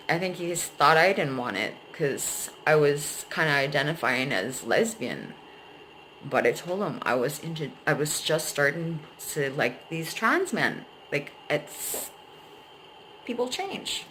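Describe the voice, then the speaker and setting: A woman's voice: sits low, big pitch swings, unhurried, fairly bright tone, slight background noise, poor audio. A young adult woman vlogger venting candidly about a relationship, frank and emotional, swearing freely.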